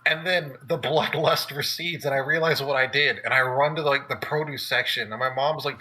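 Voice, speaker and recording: A man telling childhood stories in casual chat, animated and swearing, acting out the voices of people he quotes. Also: medium pitch, fairly quick, hardly any pauses, breathy edge, rough recording. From Texas. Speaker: podcast co-host. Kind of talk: casual storytelling.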